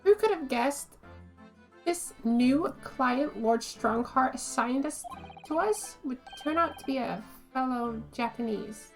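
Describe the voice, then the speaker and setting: A woman's voice: high voice, expressive, slow, faint music behind, exaggerated voice, rough recording. A woman voicing an earnest young male lawyer in a game, reading his lines formally with a British accent.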